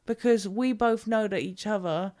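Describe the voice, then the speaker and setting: A British woman co-hosting a casual podcast, her voice smooth and resonant. She tells rambling stories, drifts off on tangents and swears without a second thought. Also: medium pitch, moderate pace. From Britain. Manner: animated rambling storyteller, swears freely, goes off on tangents. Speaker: podcast co-host. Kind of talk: casual chat.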